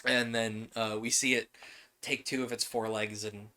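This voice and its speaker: A man narrating as game master of a tabletop role-playing game, unhurried and loose, with fillers and chuckles. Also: on the low side, little pitch movement, sharp tone.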